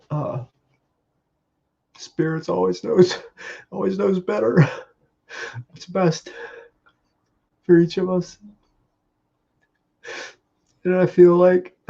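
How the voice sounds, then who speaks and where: A man sharing personal memories at a memorial, speaking in halting phrases with restarts and small laughs. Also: on the high side, vocal fry, warm tone, lo-fi sound. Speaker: speaker giving a eulogy. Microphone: video call.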